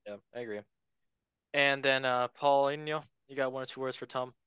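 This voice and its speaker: A man's voice: medium pitch, fairly even intonation, normal speed, fairly bright tone, smooth, no echo, rough recording. A man hosting a casual football podcast, chatty and loose, handing the word to his co-hosts. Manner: chatty, loose, many fillers and asides. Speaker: podcast host. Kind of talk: casual chat.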